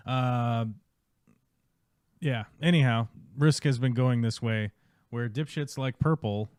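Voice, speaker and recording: A man's voice: medium pitch, slow pace, pauses often, a little mellow, clear, resonant tone, no room sound, studio quality. A male streamer giving casual, wry commentary while he plays a strategy game live.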